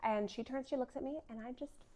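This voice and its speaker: A woman's voice: sits high, a little fast, a little mellow. Chatty woman telling a personal story. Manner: chatty, many filler "like"s, laughs often. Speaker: vlogger sharing a faith story.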